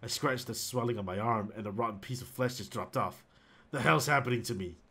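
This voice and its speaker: Guy reading out an itchy half-zombie animal keeper's diary, bright even voice, flat read that gets broken and rambly. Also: medium pitch, a little fast, breathy edge. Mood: unravelling. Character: male animal keeper slowly turning into a zombie.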